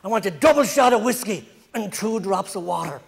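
A man's voice: high-pitched, animated, a little fast, creaky, slight background noise. Feisty little old Irish woman, as a man puts her on. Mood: bossy.

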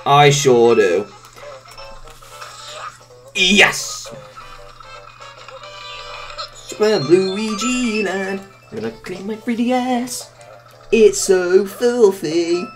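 A woman doing casual, goofy gameplay commentary as a let's play gamer, rambling and laughing at her own jokes. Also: medium pitch. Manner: goofy, rambling, breaks into silly sing-song asides. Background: faint video game music.

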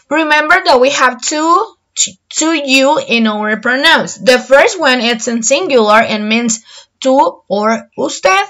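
A woman's voice: high voice, animated, fairly bright tone. Patient bilingual woman teaching English. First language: Spanish. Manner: patient, explains slowly and repeats in Spanish. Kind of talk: bilingual online English lesson.

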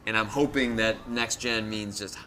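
A man's voice: on the low side, fairly even intonation, moderate pace, bright, forceful tone, a little hiss or hum, low-quality recording. A man chatting casually about video games, asking questions with a wry edge. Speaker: game show host. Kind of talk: casual game chat.

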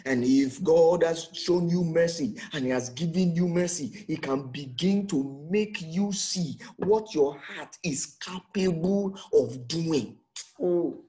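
A man delivering a sermon in a fairly high voice. He acts out the scripture dialogue, jumping from shouted cries to near whispers. He repeats words for emphasis. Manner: dramatic, swings from loud to hushed, acts out quotes. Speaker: preacher.

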